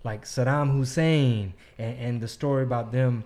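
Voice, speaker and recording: A man co-hosting a casual chat, relaxed and slangy, with quick back-channel yeahs. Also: mid-range voice.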